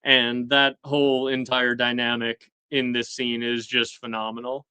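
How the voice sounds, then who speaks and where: A man's voice: medium pitch, flat delivery, unhurried, pushed and bright, clean tone, no echo. A man hosting a casual recap chat, rambling with many fillers and acting out quoted lines in shifting voices. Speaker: host recapping a TV episode.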